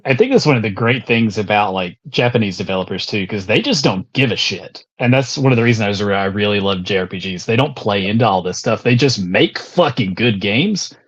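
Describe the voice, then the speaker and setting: A man chatting casually as a guest on a podcast, relaxed and swearing lightly, sometimes pausing to search for a word. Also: on the low side, breathy edge, highs cut off.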